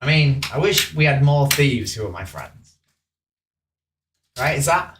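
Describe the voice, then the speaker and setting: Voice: mid-range voice, expressive, unhurried. Joking vegan activist on noisy video chat. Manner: joking, swearing, then earnest persuasive questioning. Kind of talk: casual video-chat street-style questioning. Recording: noisy webcam audio.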